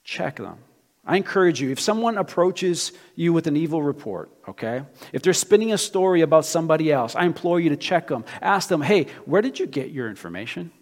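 Pastor preaching emphatically in a reverberant hall. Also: male voice, fairly high pitch, a little fast. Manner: emphatic, animated preaching with rhetorical questions. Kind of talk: sermon.

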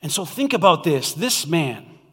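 A man preaching a sermon to his church, swinging from shouts down to whispers. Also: on the high side, very animated, unhurried, husky, big-room sound. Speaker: pastor.

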